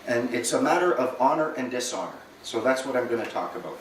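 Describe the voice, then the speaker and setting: A man giving a lecture to a live audience, animated and joking, acting out little dialogues as he goes. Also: medium pitch, quick pace, a little hiss or hum. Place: meeting room with an audience. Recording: echoey room, recorded from far off.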